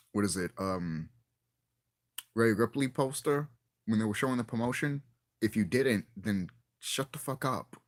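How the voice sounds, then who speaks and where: A young man vents in a loose, profane monologue aimed at his viewers. His pitch jumps around animatedly as he gets exasperated, and he keeps restarting and repeating his words. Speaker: wrestling commentary vlogger. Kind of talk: ranting casual monologue.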